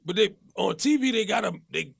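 A man's voice: high voice, animated, fairly quick, creaky, a bit bright, breathy edge. A man on a podcast who explains things earnestly in a casual chat.

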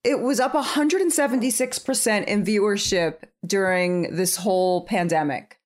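A woman's voice: medium pitch, moderate pace. A woman hosting a casual interview, gushing and enthusiastic as she talks. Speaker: host.

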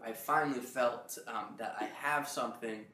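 A man in a relaxed group chat tells lively stories and slips into the voices of other people as he goes. His voice is mid-pitched. The room has a clear echo, with a faint hiss of noise behind him. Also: normal speed. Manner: animated storyteller, acts out others' lines. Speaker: travel company founder. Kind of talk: casual group conversation.

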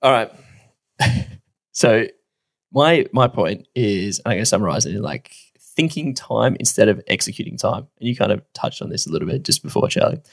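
A man, co-hosting a podcast and telling a story in a casual, animated way, swearing now and then and laughing often. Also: fairly low pitch, normal speed, gravelly, dry recording, studio quality. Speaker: podcast co-host.

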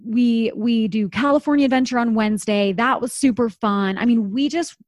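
A woman's voice: a little high, normal speed, dry recording. A woman in her thirties telling a story in casual chat, acting out the quotes and laughing often.

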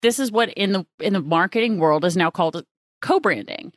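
A woman's voice: mid-range voice, brisk, no room sound, clean studio sound. A woman hosting a casual interview, affirming her guest and asking follow-up questions. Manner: lively, affirming, asks follow-ups. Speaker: host.

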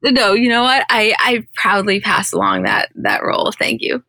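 A young woman co-hosting a casual podcast, retelling scenes in an animated, giggly way. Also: medium pitch, normal speed, no room sound, clean studio sound. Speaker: podcast co-host. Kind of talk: casual podcast chat recapping episodes.

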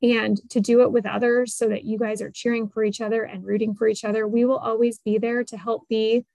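A woman's voice: a little high, level tone, fairly quick, vocal fry, a little mellow, no echo, rough recording. A woman guest on a podcast, talking earnestly and encouragingly about parenting. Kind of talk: conversational interview.

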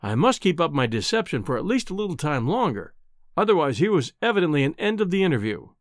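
A man narrating an audiobook in an expressive, descriptive storytelling manner. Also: fairly high pitch, quick pace, dry recording, studio quality. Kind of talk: scripted narration.

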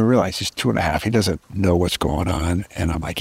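A man's voice: low voice, fairly even intonation, fairly quick, vocal fry, hardly any pauses, husky, dry recording. A middle-aged man as a podcast guest, earnestly telling a personal story with reflective emphasis.

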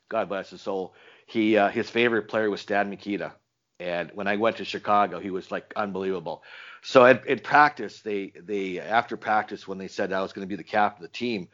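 Older male guest, low voice, dull lo-fi sound; animated, repetitive storyteller. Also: normal speed. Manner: animated, repeats words, acts out dialogue. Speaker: retired pro hockey player as guest. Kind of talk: casual interview storytelling. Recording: dull lo-fi recording.

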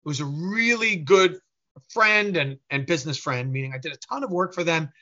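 A man's voice: fairly high pitch, brisk, lo-fi sound. A man who is a business owner, talking as a guest in an interview and telling a story while acting out the voices of the people in it. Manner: animated, acts out quoted voices.

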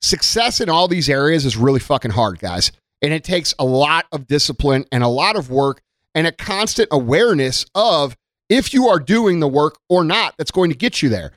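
A man's voice: a little high, big pitch swings, normal speed, a bit bright, no echo, clean studio sound. Blunt, profane motivational man. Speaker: motivational content creator. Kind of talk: motivational monologue.

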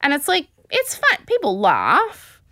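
A woman hosting a casual podcast, telling a story in an animated, chatty way. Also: sits high, unhurried, no echo, studio quality. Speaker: podcast host. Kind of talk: casual chat recapping a show.

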